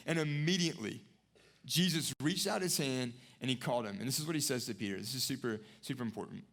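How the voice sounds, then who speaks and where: A young adult man preaching a sermon earnestly, repeating phrases, rising to emphatic peaks and dropping to hushed lows. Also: fast. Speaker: pastor.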